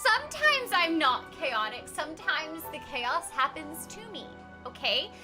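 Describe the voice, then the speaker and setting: A woman's voice: sits high, sing-song, a little slow. A woman voice actor chatting casually with viewers during a game live stream, playful, giggly and teasing herself. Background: game music.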